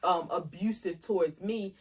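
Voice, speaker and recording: A woman's voice: lowish voice, measured pace, darkish tone, breathy edge. A woman co-hosting a podcast in casual chat, thinking aloud and asking questions. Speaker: podcast co-host.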